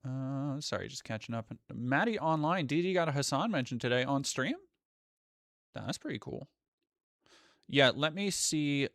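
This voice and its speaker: A man streams from home in a casual, meandering way, jumping between thoughts and cutting himself off with the occasional swear. His voice sits at a middling pitch. The sound is close and dry. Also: expressive, measured pace, a bit bright, dry recording. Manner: rambling, self-interrupting, swears casually. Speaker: live streamer. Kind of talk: casual live-stream chat.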